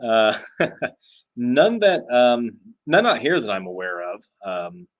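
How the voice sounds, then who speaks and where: A man's voice: medium pitch, big pitch swings, slow pace. A man hosting a casual livestream, chatting and reading out viewer comments with frequent fillers and laughs. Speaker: livestream host.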